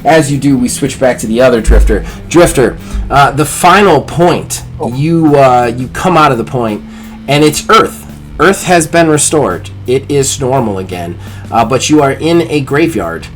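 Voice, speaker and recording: A man's voice: mid-range voice, lively intonation, measured pace, soft background music, rough recording. A man acting as game master, narrating a tabletop role-playing game in a casual way, with fillers.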